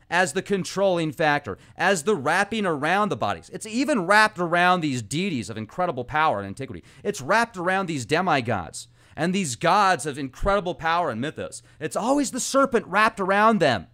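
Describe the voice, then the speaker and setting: A man hosting an informal monologue, talking animatedly and excitably, speeding up and slowing down as he goes. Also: a little high. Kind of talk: casual esoteric monologue.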